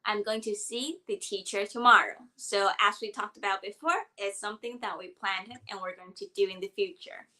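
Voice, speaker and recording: A woman's voice: medium pitch, fairly even intonation, normal speed, hardly any pauses, pushed and bright, poor audio. A woman co-hosting a Chinese grammar lesson, explaining examples in an upbeat, encouraging way. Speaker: Chinese teacher.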